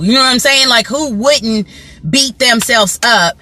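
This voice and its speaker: A woman's voice: a little high, lively intonation, slow pace, bright, forceful tone, no room sound. A woman telling a story to her viewers in casual chat, often asking "you know what I'm saying" and greeting people by name. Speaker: motivational vlogger.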